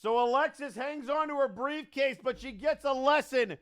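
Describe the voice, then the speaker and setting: A man doing play-by-play wrestling commentary, getting worked up and yelling at the referee. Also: extremely high pitch, moderate pace. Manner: excitable, yelling at big moments, complains at the referee.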